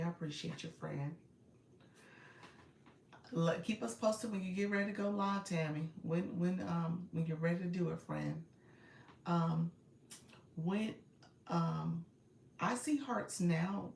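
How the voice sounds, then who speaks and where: This live stream coach and host has a lowish, gravelly voice and reads viewer comments in a casual chat, warmly greeting people by name. She's loose and friendly, laughing a lot, dropping easy fillers, and saying "friend" and "y'all" often. Sitting back from her phone mic, she sounds roomy and distant, with a faint hiss underneath.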